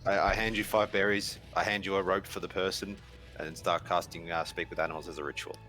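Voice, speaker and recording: A very deep-voiced man playing a tabletop game, rattling off his moves quickly and matter-of-factly. His tone is bright and forceful, with faint music behind. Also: flat delivery. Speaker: player. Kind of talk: casual tabletop game chat.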